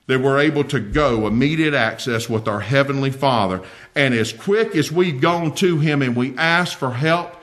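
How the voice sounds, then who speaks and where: An older man preaching a sermon, folksy and earnest, telling homely stories with humor. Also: mid-range voice.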